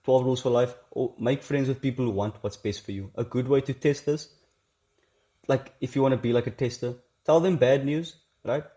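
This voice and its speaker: A man's voice: medium pitch, mellow. A young man hosting his own self-help channel, talking in a blunt, profane, rambling way and often mimicking other people's voices. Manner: blunt, profane, rambling, quick shifts into mocking quoted voices. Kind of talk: casual monologue to camera. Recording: dull lo-fi recording.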